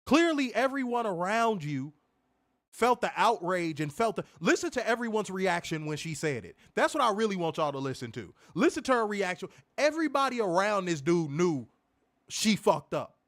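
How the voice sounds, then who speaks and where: Angry high-voiced man ranting. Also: very animated, normal speed, a bit bright. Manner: angry, emphatic, profane. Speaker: wrestling show co-host. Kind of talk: heated profane rant on a stream.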